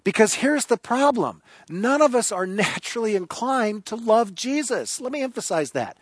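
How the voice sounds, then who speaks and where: A man's voice: extremely high pitch, big pitch swings, moderate pace, husky, no room sound. A man preaching a sermon, emphatic and repeating key phrases for stress. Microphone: recorded for online viewers.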